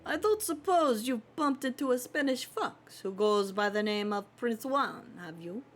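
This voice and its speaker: A woman's voice: a little high, animated, measured pace, soft background music. A woman voicing a prim, earnest male lawyer from a game in a formal, polite manner. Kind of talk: reading a game aloud on stream.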